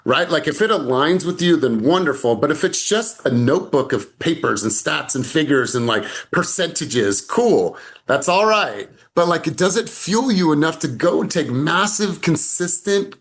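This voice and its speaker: Man, sales coach, emphatic, repeats himself, slightly high voice, video call. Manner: energetic and emphatic, with repeated words and laughs. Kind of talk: casual group coaching call. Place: home in the mountains.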